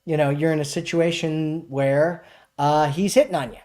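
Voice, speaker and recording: A man's voice: fairly high pitch, fairly even intonation, moderate pace, darkish tone. A man hosting a casual live stream as a dating coach, answering chat questions in a loose, filler-heavy way and often tagging on "right?".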